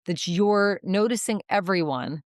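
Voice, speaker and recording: Brief: woman podcast host, emphatic and frank, smooth voice, dry close sound. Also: medium pitch, lively intonation, a little slow, no echo. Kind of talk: podcast conversation.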